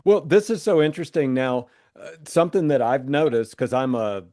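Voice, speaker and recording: Man, southern american accent, podcast host, enthusiastic, mellow tone. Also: mid-range voice, animated, normal speed. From Southern United States. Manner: enthusiastic, upbeat. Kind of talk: podcast interview hosting.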